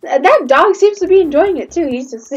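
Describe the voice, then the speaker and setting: A woman's voice: extremely high pitch, animated, normal speed, lo-fi sound, soft background music. A woman hosting a casual reaction livestream, rambling and giggly with lots of restarts. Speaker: livestream host.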